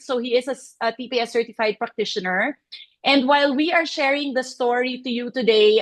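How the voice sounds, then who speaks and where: A woman, a senior consultant presenting a case study over a video call. She talks in a chatty, animated way with frequent fillers. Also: on the high side. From Philippines. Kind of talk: online presentation.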